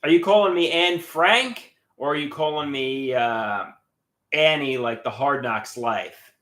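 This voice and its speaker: A man's voice: mid-range voice, unhurried, fairly bright tone, echoey room. A man chatting casually on a livestream, reading viewer comments aloud and greeting chatters.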